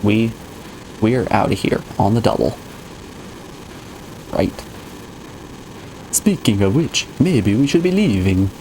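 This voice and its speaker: A man's voice: on the low side, very animated, slow, pauses often, a little mellow, slight background noise. A man streaming a game live, chatting casually and rambling to his viewers. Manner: rambling, chatty, addresses chat. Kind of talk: casual live gameplay chat.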